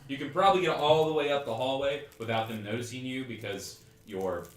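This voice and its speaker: A man's voice: mid-range voice, a little fast, roomy sound, a little hiss or hum. A man narrating as game master of a tabletop game, in a casual, rambling way full of fillers.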